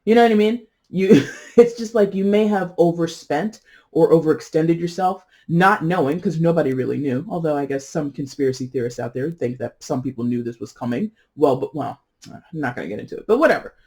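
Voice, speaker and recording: Rambling, mellow-voiced tarot reader. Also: mid-range voice, fairly quick. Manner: rambling, laughing, self-correcting. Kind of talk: casual tarot reading monologue.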